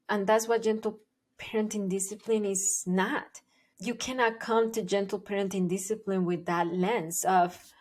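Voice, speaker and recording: A woman's voice: mid-range voice, steady tone, unhurried. A woman working as a parenting educator, explaining her ideas to the camera in an earnest, emphatic way and repeating her key points. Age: adult, parent of young children.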